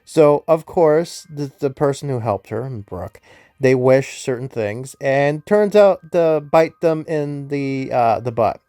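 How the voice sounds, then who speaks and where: A man casually walking through a game's story for his channel, trailing off and restarting with plenty of fillers. His voice sits at a middling pitch and sounds dry and close, with no room around it. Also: animated, slow, mellow, no echo. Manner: rambling, many fillers and self-corrections. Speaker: gaming YouTuber. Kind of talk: casual game story recap.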